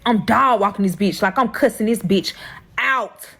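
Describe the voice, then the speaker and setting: A woman's voice: medium pitch, moderate pace, gravelly, fairly bright tone. A woman telling her own drama story in a heated, profane, emotional storytime vlog.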